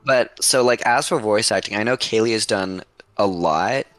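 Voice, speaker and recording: A man game developer joking around on a group video call, quick to laugh. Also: fairly low pitch, no echo. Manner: jokey, animated, quick to laugh.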